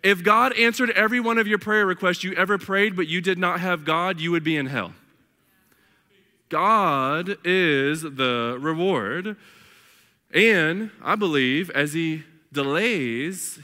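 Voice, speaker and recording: Male pastor, high bright voice, emphatic sermon with casual slang asides, long church reverb. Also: slow pace. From northern United States. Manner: emphatic preaching, addresses the congregation as beloved and family. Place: church sanctuary.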